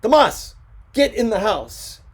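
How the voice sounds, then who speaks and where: A man voicing a proud, hot-tempered older man who shouts in outrage. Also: medium pitch, expressive, a little slow, breathy edge. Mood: outraged. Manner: shouting, indignant.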